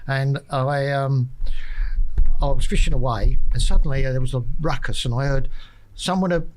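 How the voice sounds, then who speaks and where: A man's voice: mid-range voice, steady tone, moderate pace, slight background noise, poor audio. A man, a podcast guest telling a rambling fishing anecdote in casual chat, full of restarts and repeated words. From England. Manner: rambling storyteller with many restarts. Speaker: podcast guest, match angler. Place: podcast studio.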